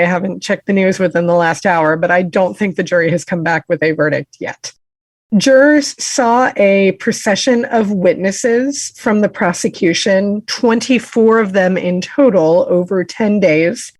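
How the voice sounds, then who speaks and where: A woman's voice: mid-range voice, moderate pace, dry recording. A woman co-hosting a podcast, summarizing a criminal trial in a chatty, self-deprecating way. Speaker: podcast co-host. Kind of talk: casual true-crime discussion.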